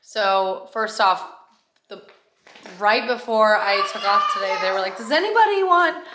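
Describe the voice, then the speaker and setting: A woman's voice: mid-range voice, level tone, a little slow, very noisy. Chatty young woman vlogging. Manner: chatty, rambling, heavy use of "like". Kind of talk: casual vlog chat to camera.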